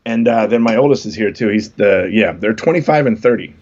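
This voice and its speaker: A man's voice: lowish voice, brisk, a little mellow, muffled recording. A man in his fifties, a comedian guest, chatting casually on a podcast and telling stories with self-deprecating jokes. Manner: laid-back storytelling, self-deprecating jokes.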